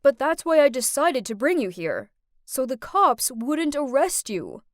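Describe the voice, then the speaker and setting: A woman voicing a gentle but creepy young man who speaks in a soft, coaxing, falsely caring way in an animated story. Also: sits high, a little slow, dry recording, clean studio sound. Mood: soothing.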